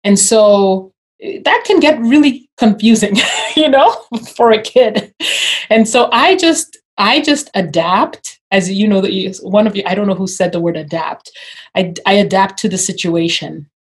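A woman guest with an African accent, speaking thoughtfully with pauses. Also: medium pitch. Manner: thoughtful, hesitant with fillers and laughs. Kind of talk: casual conversation.

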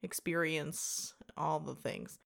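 Young female co-host, rapid, chatty, quick to laugh. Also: low voice, steady tone, vocal fry, a bit bright. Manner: fast-talking, laughing often. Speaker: podcast co-host. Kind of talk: casual chat.

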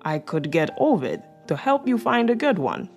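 A woman's voice: lowish voice, sing-song, moderate pace, darkish tone, faint music behind. A woman reading an audiobook, voicing a tired innkeeper who turns people away curtly. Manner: tired, curt. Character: weary middle-aged male innkeeper.

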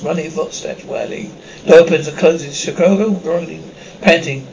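A man's voice: a little high, moderate pace, creaky, a crowd in the background. A man reading an episode script aloud, doing every part and the stage directions in one plain voice, with slips and restarts. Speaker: script reader. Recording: dull lo-fi with faint hiss.

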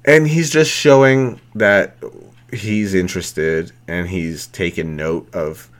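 A middle-aged man hosting a podcast delivers an angry, profane rant, swearing constantly and mocking people with put-on voices. His voice sits low and he speaks slowly.

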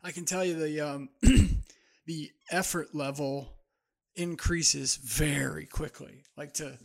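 A man's voice: fairly high pitch, slow pace, gravelly. A man co-hosting a podcast in casual, rambling chat, laughing easily. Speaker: podcast co-host.

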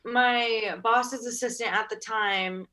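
A young woman in her twenties casually telling a story, full of fillers and quick laughs. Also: fairly high pitch, fairly even intonation, sharp tone. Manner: chatty, full of "like" and "oh my God", laughs often.

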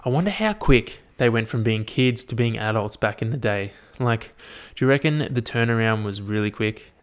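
A man's voice: fairly low pitch, normal speed, clear, resonant tone. A young man, musing aloud in a casual, profane monologue full of fillers. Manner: profane, animated, thinks aloud with many fillers.

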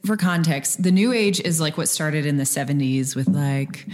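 A woman with a very low voice hosts a podcast. She lays out the topic in a chatty, casual way. Her talk is loose and full of fillers. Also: moderate pace, darkish tone. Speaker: podcast host. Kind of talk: casual chat.

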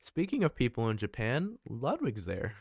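A young man in his twenties co-hosting a casual podcast. He rambles loosely, restarts his sentences and swears offhandedly. His voice sits at an ordinary middle pitch, recorded dry and close with no room sound. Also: wildly swooping pitch, normal speed, gravelly, darkish tone, husky, dry recording. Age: 20s. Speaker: podcast co-host.

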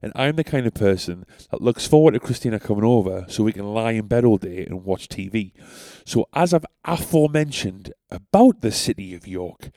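A man's voice: lowish voice, lively intonation, moderate pace, hardly any pauses, dark tone, no echo. A young man who tells stories on a podcast in a rambling, sweary, self-deprecating way. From North East England. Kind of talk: casual storytelling.

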